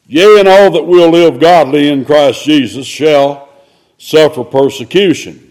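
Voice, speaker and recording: A man preaching, reading scripture aloud and explaining it, rising to loud exclamations. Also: a little high, a little slow. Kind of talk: expository sermon.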